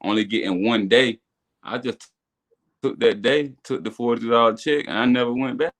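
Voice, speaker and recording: A man speaks as a guest on a faith podcast, telling his story in a relaxed, conversational way. He often repeats words as he goes. He gets more animated and his voice climbs higher in excited stretches. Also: moderate pace. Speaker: podcast guest, business owner. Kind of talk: casual testimony chat.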